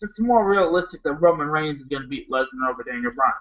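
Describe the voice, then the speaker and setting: A man from Iowa, USA co-hosts a casual wrestling chat, his voice on the high side and his pace fast. He strays off topic, rambling and swearing with excitement, on narrow, tinny audio.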